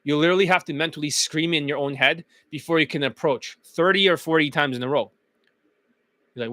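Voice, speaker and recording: A man's voice: a little high, fast, bright, forceful tone, dry recording. Emphatic, profane male dating coach. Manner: emphatic, blunt and profane, chanting phrases over and over. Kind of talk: profane motivational coaching monologue.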